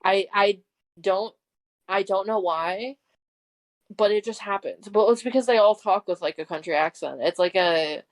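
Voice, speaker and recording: A woman's voice: medium pitch, moderate pace, dry recording. A young woman co-hosting a podcast, chatting in an easygoing, affirming way. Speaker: podcast co-host. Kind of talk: casual chat.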